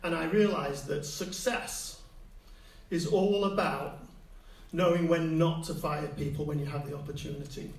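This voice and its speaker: A man telling a personal story to a live audience, animated and acting out what people said. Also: fairly high pitch, normal speed. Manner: animated, acts out quoted voices. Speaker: storyteller on stage. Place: stage before a live audience. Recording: echoey hall, distant mic, faint hiss.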